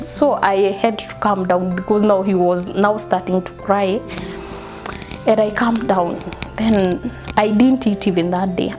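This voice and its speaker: A young woman with a Kenyan accent telling a personal story in halting speech, slipping into Swahili phrases and repeating herself. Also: mid-range voice, a little mellow. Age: young adult. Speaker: interviewee. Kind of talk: personal testimony.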